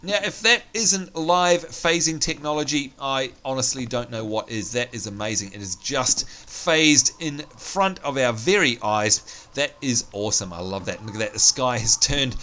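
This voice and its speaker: A man's voice: medium pitch, expressive, normal speed, bright, forceful tone. A young man, giving chatty, enthusiastic let's play commentary on what is on screen. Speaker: gameplay commentator.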